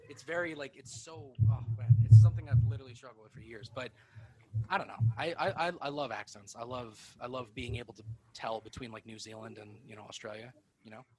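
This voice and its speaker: A man's voice: mid-range voice, background noise. A man hosting a podcast in casual chat, rambling and swearing offhandedly as he talks. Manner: fast, rambling, swears casually, dips into mock accents. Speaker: podcast host.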